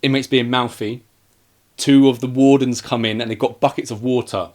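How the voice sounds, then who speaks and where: Casting: man, mid-pitched, lively storyteller for a casual film podcast. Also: moderate pace. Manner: animated retelling, acts out quoted lines. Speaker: podcast co-host reviewing films. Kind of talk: casual film review chat.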